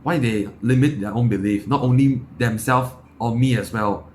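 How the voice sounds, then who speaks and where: A man's voice: mid-range voice, normal speed, slight background noise. A young man from Malaysia giving a blunt, impassioned motivational monologue, swearing, firing off rhetorical questions and repeating his words. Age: young adult. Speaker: self-improvement YouTuber.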